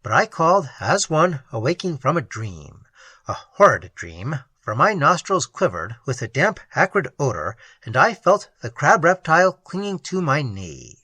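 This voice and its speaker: Casting: expressive story narrator, breathy, dry close sound. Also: normal speed, no room sound. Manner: expressive reading with sweeping pitch swings. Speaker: audiobook narrator. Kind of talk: dramatic audiobook narration.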